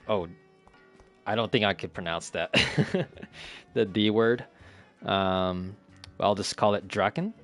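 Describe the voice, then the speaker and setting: A low-voiced man streaming a cozy renovation game, speaking slowly and easily. He chats with his viewers and chuckles as he goes. Soft game music plays underneath. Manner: laid-back, chuckles often, talks to chat. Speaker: gaming streamer. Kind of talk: relaxed gameplay commentary, reading chat. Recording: faint game music behind.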